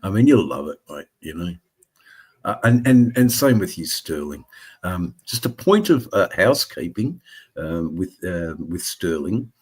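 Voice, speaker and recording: A middle-aged Australian man with a very low, husky voice, chatting casually on a livestream. He rambles and restarts his sentences often, dropping in plenty of fillers. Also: big pitch swings, unhurried, darkish tone. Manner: rambling, hesitant, full of restarts. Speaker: livestream co-host. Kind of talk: casual chat.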